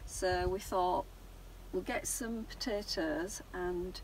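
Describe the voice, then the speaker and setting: A woman's voice: fairly low pitch, slow, a little hiss or hum, low-quality recording. A woman chatting cheerfully and laughing while cooking in a camper van. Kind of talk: casual chat. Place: camper van outdoors at a campsite.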